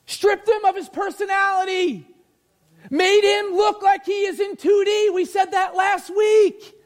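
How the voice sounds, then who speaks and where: An energetic man preaching in a church with a very high voice. He jokes, asks the congregation questions, and shouts his points for emphasis. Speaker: pastor. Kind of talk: sermon.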